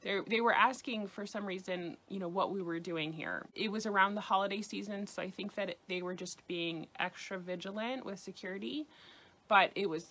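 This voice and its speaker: A woman's voice: medium pitch, normal speed, pushed and bright, a little hiss or hum. A woman giving a casual French lesson, chatting and repeating phrases for listeners to practice. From United States. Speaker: French language teacher.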